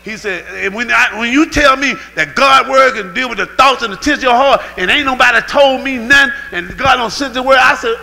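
A man pastor preaching a sermon, swinging between shouts and low growls. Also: brisk, gravelly, hardly any pauses, big-room sound, poor audio. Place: church sanctuary.

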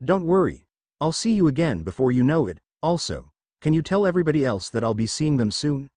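A man's voice: fairly high pitch, very animated, a little fast, mellow, no echo, clean studio sound. Naruto, a man voicing a brash young ninja. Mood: tearful.

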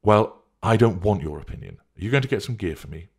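A man's voice: fairly low pitch, expressive, quick pace, breathy edge, voice pushed up. A man voicing a petulant young woman who insists and pleads for drugs. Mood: snapping.

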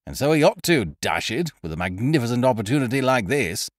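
A man's voice: mid-range voice, big pitch swings, fairly quick, no room sound, studio quality, close to an everyday voice. A man voicing an exuberant, blustering young boxing manager who talks in a hearty, boastful way.

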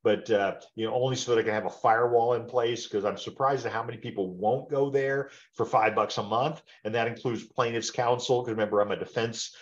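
A man's voice: fairly low pitch, muffled recording. Rambling older man teaching a webinar. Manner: rambling and conversational, full of tag questions. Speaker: webinar presenter. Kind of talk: informal training webinar.

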